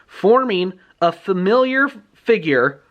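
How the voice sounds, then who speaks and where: A man recapping a story in casual, animated, indignant storytelling. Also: high-pitched, slow pace, highs cut off. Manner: animated, indignant, laughs often. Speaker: book reviewer.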